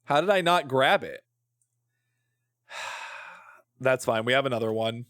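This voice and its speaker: A man's voice: mid-range voice, animated, takes it slowly, pauses often, fairly bright tone, no echo, clean studio sound. A man streaming a game, chatting casually in a playful, rambling way and swearing often. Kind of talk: casual gameplay chat.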